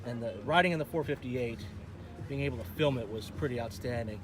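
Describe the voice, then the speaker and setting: A man's voice: mid-range voice, brisk, over music. Chatty man at an outdoor car show. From Texas. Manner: enthusiastic, chatty, addresses viewers directly. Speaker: host. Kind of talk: casual walkaround car show commentary.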